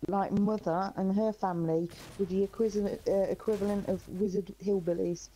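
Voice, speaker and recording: A woman's voice: medium pitch, fairly even intonation, moderate pace, background noise. A woman in a casual podcast chat, making dry, matter-of-fact asides.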